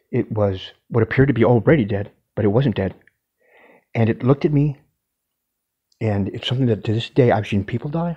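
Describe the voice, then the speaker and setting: Husky man telling an intense story. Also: lowish voice, highs cut off. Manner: intense, swearing, emphatic. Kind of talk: casual personal storytelling.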